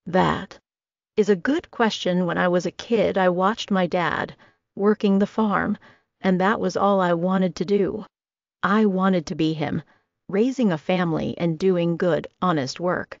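A woman reading an audiobook voices a tender, caring young man who talks in a soft, confiding way. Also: lowish voice, fairly even intonation, a little slow, gravelly, no room sound. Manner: gentle, hushed and confiding. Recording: dull lo-fi dry recording.

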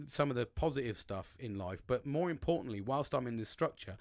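Middle-aged male host, casual rambling monologue, frequent swearing, mid pitch, dry close mic. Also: no echo. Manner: rambling, swears a lot, animated swings in pitch. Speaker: podcast host.

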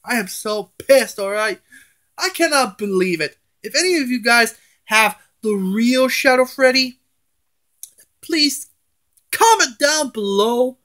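A man's voice: very high-pitched, expressive, slow pace, pushed and bright. A man ranting in a casual home vlog, angry and swearing, often stammering and restarting his words. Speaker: vlogger. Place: at home, indoors.

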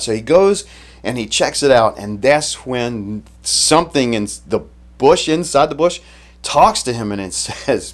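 A man preaching a sermon in a relaxed, conversational way, retelling the story casually and often restarting his sentences. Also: mid-range voice, normal speed. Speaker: pastor.

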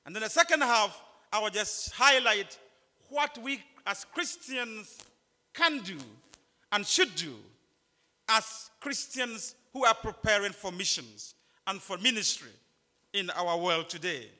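A man's voice: sits high, expressive, unhurried, pushed and bright. A man from northern Ghana with a Ghanaian accent, speaking emphatically at a chapel conference, repeating key points and joking with the students. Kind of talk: preaching lecture to students. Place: large chapel. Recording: long chapel reverb.

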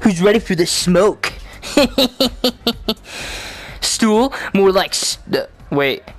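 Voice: mid-range voice, expressive, very slow. A gamer giving casual commentary over a virtual reality game, trash-talking the opponents playfully, swearing a lot and giggling. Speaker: gamer playing a VR brawling game.

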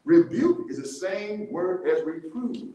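A man with a high, lively voice leads a church Bible study, speaking slowly and drawing out his points. He repeats key words and often breaks into laughter. The sound rings with heavy echo from the church room.

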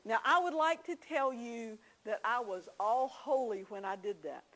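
A woman's voice: fairly high pitch, expressive, moderate pace, fairly bright tone, poor audio. Folksy woman teaching in church. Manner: folksy storytelling, confiding asides.

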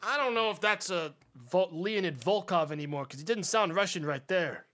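Lively in intonation and fairly bright in tone, this man's high voice moves at a moderate pace. As a streamer working through a mystery game, he muses casually out loud and addresses his chat.

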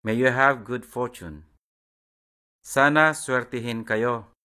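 A man narrating a recorded language lesson in a deliberate, measured way, pausing after each phrase. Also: mid-range voice, fairly even intonation, sharp tone, clean tone.

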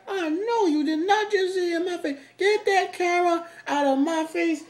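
A vlogger voicing an angry, sassy female pet spider that scolds in a shrill, high put-on voice, recorded in a bedroom. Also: normal speed. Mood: indignant scolding.

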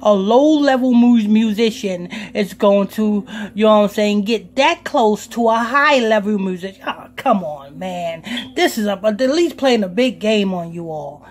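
A man's voice: high voice, expressive, measured pace, few pauses. A man hosting a talk radio show as pastor, ranting emphatically with profanity.

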